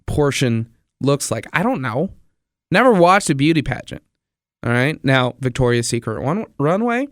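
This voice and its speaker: Excitable rambling male podcast host. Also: fairly high pitch, clean tone, no echo, studio quality. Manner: enthusiastic, rambling, repeats himself. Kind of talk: casual solo podcast monologue.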